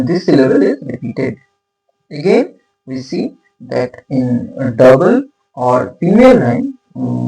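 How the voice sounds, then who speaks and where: Male literature teacher, slow and gravelly, heard from a distant mic in an echoey room with faint music behind. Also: a little high, darkish tone. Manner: slow, halting, many fillers and restarts. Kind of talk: unscripted lecture.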